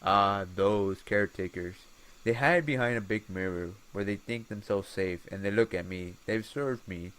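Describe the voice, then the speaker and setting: A man's voice: fairly low pitch, normal speed, clean tone, close to an everyday voice, low-quality recording. A man putting on a dreamy asylum artist, attempted British accent. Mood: musing. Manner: musing, dreamy, softly intense. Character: eccentric male artist patient in an asylum.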